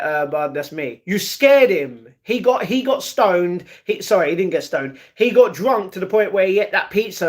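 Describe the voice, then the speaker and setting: Chatty man reading stream chat. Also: high voice. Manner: reads viewer chat aloud and answers it directly. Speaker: livestream host. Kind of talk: casual livestream chat. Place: at home.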